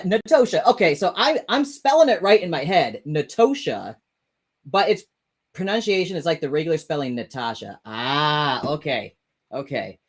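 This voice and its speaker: A man's voice: fairly high pitch, rough recording. A man hosting a casual live stream, chatting loosely with viewers, stumbling over words and swearing freely. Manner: rambling, self-correcting, swears casually. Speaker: livestream host. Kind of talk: casual live chat reading comments.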